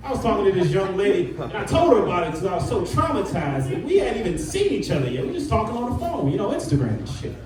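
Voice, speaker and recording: A man's voice: high voice, very animated, fast, hardly any pauses, darkish tone. A man from Detroit doing stand-up, with a loose, conversational delivery and frequent asides like "you know" and "man". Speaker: stand-up comedian. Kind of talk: stand-up set. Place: comedy club stage with a live audience. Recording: roomy live club sound, audience laughter, from far off.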